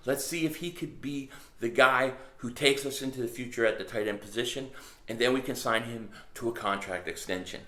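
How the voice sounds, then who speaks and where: A middle-aged man giving a casual, emphatic fan rant as a sports vlogger, repeating his points with rising excitement. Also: medium pitch, fairly quick, roomy sound.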